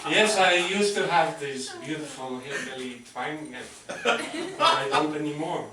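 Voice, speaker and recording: A man's voice: fairly high pitch, unhurried, a loud crowd. A man performing live, making nervous, self-mocking stage banter and spinning a tall tale between songs. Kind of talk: stage banter with deadpan joke story. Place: small studio venue with a live audience. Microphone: stage mic, speaking at a distance. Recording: echoey live room, far mic, loud noise.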